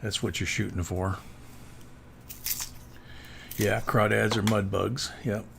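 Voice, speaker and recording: A man's voice: lowish voice, flat delivery, slow pace, gravelly, noisy background. A man hosting a casual coin-hunting livestream, chatting and answering viewer comments as he sorts coins. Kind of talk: casual live-stream chat.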